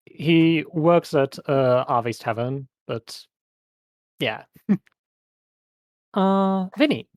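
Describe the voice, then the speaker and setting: A player introducing their character in casual chat, slow and hesitant with fillers. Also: medium pitch, lively intonation, a little mellow, dry recording, studio quality.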